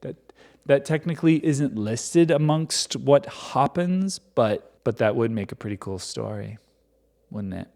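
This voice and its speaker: A man's voice: medium pitch, lively intonation, a little slow, creaky, darkish tone. A man reading scripture aloud and adding irreverent, sarcastic commentary.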